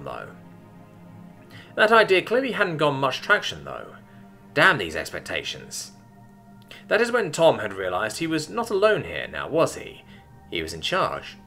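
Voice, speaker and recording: Bright, lively male story narrator. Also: mid-range voice. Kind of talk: scripted narration.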